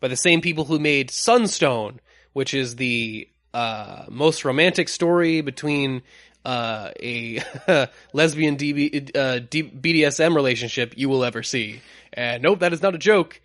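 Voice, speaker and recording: A man co-hosting a podcast in a casual, rambling way, stopping often to search for words. His voice sits at a middle pitch. The recording is dry and close, with no room sound. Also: measured pace, a bit bright, no room sound. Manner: rambling, with many uh fillers. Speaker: podcast co-host. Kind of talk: casual chat.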